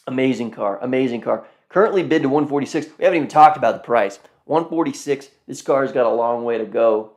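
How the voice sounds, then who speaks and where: A man of medium pitch hosting a live car auction stream. He chats casually and rambles, often repeating his words and turning to talk to his viewers. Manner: rambling, talks to viewers as "guys", repeats himself. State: yawning, tired. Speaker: car auction livestream host.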